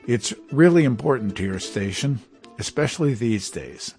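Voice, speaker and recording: A male radio host reading a scripted link in a calm, measured voice. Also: medium pitch. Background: guitar music.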